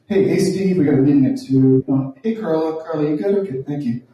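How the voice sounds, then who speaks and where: A man quoting a brisk, friendly office HR woman greeting coworkers. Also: a little high, dull audio, pitched above the performer's own voice, lightly acted. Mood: breezy. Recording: very echoey room, from a distance.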